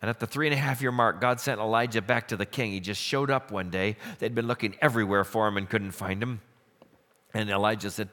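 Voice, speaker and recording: A pastor preaching a sermon, retelling a scripture story with lively storytelling. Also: male voice, lowish voice, a little fast, big-room sound.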